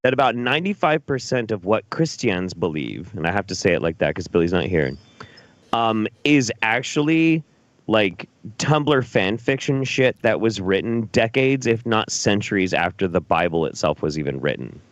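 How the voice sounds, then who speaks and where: A man's voice: on the low side, big pitch swings, moderate pace, no echo, muffled recording. A male host chatting casually about clips, blunt, profane and openly incredulous. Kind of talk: casual chat reacting to clips.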